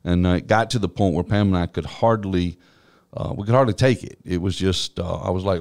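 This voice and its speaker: A man's voice: sits low, brisk, darkish tone. A man who works as a church administrator, earnestly and reflectively telling his personal testimony in an interview.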